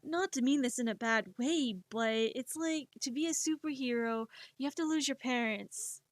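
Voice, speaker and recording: A woman's voice: sits high, moderate pace, dry recording. A young woman with a Spanish accent, chatting casually on a stream while she draws, rambling and poking fun at herself. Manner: rambling, self-deprecating, laughs often.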